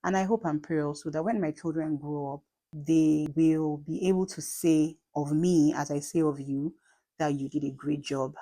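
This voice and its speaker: Nigerian woman, late 30s, low mellow voice, chatty emphatic vlogger. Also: steady tone, moderate pace. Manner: chatty and emphatic, with repeats and asides. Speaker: vlogger and mother. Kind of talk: casual talk to camera.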